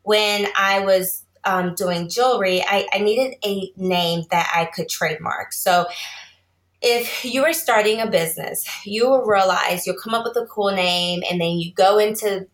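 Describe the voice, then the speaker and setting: A woman's voice: medium pitch, a little slow. A woman in her thirties, a podcast guest and small business owner, explaining things at length in casual chat and laughing often. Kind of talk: casual interview talk. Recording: roomy echo.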